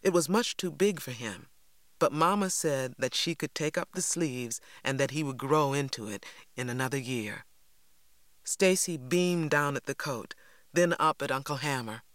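A man reading a first-person story aloud with steady, expressive narration. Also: medium pitch, moderate pace, dry recording. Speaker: audiobook narrator.

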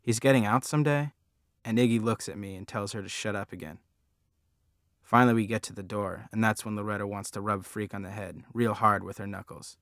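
Man, audiobook narrator, first-person story, low voice, dry studio sound. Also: flat delivery, brisk, fairly bright tone, no echo.

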